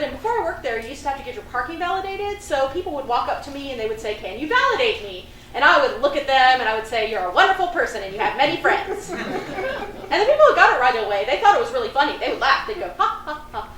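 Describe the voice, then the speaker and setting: A woman performing a solo stage monologue, talking in a chatty, confiding manner. Her voice sits a little high. The sound is roomy and distant, with a faint hiss behind it. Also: fairly bright tone. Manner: chatty, confiding, laughing at her own stories. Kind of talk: live solo theatre monologue. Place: theatre stage before an audience.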